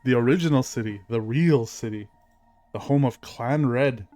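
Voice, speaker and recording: A proud, grieving red squirrel warrior from a video game speaks in a put-on Scottish accent, as a man voices him. His speech is solemn and old-fashioned, full of "nay" and "aye". The pitch sits in a plain middle range, and the sound is dry and close. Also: moderate pace, mellow, dry recording, soft background music, close to an everyday voice.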